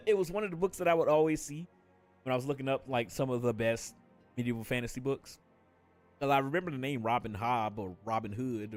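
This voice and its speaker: A man talks casually to his live stream viewers between bits of gameplay, relaxed and quick to swear or laugh, while nursing a headache. His voice sits at an ordinary middle pitch, and faint game music plays in the background. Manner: relaxed, profane, laughs often. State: has a headache.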